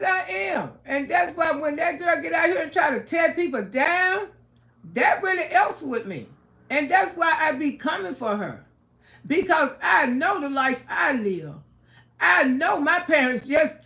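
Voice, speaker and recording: An older woman talks on her home livestream. Her voice sits high. She is outspoken and emotional, and she swears freely. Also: creaky, a bit bright. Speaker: livestream host. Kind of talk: casual livestream storytelling.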